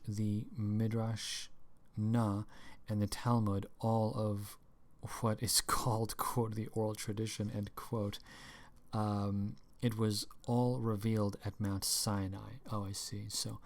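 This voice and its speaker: A man's voice: on the low side, a little mellow. A man reading passages from a book aloud in a casual stream, breaking off with wry, meandering comments of his own. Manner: meandering, with fillers and restarts. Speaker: podcast host reading aloud.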